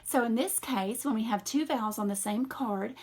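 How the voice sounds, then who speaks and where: Husky-voiced teacher talking to young kids. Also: female voice, a little high. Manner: slow, encouraging, sing-song teacher voice. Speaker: reading teacher. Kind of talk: phonics lesson to children.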